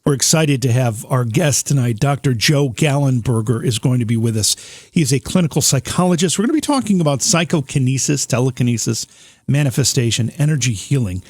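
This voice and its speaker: A man's voice: mid-range voice, animated, a little fast, a little mellow, dry recording. A man hosting a talk show who says he is losing his voice, talking informally with fillers and restarts. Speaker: host.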